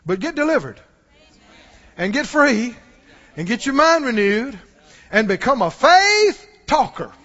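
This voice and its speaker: A man's voice: extremely high pitch, very animated, a little slow, pauses often, pushed and bright. A man preaching a sermon in a folksy way, acting out the voices of the people he quotes. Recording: muffled recording in a reverberant hall.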